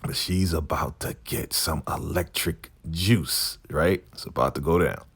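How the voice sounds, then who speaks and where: A man casually recapping a TV episode in an animated way, acting out the characters' lines. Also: rumbling low, unhurried, husky. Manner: animated retelling, acts out quotes, laughs often. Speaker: TV recap vlogger.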